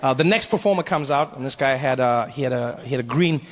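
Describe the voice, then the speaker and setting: A man in his forties telling a stand-up story, animated and self-mocking, acting out the scenes. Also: medium pitch, fast. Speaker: stand-up comedian.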